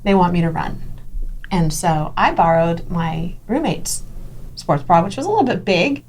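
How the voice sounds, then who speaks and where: A woman's voice: lowish voice, expressive, a little hiss or hum. A woman, the host, chatting casually and telling a funny story of her own. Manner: reacts with quick exclamations. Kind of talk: casual chat.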